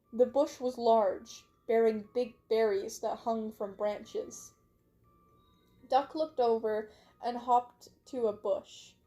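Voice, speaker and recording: Mellow-voiced woman reading a story aloud. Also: a little high. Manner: stumbles and corrects herself with asides. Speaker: livestreamer reading her own story. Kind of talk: casual read-aloud storytelling.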